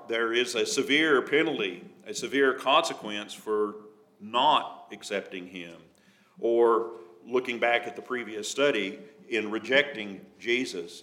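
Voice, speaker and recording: Bright-voiced man preaching a Bible study. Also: medium pitch. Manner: measured, reads scripture in King James wording.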